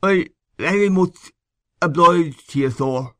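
A man reading a story aloud, voicing an injured drunk man who speaks thickly and haltingly and brushes off his fall. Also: on the high side, bright, forceful tone, no room sound, pitched above the performer's own voice. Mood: dazed. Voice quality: thick, slurred speech. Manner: halting, making light of it. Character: drunk injured middle-aged man, dazed, dismissive.

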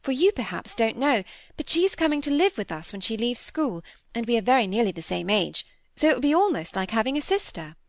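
A woman's voice: on the high side, sing-song, fairly quick, dry recording. A woman voicing an eager, candid young girl in an audiobook reading.

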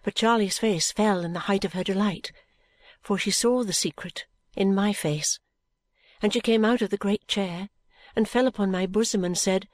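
A woman reading a novel in first person, in a measured, gentle way. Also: mid-range voice, no echo. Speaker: audiobook narrator. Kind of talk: first-person audiobook narration.

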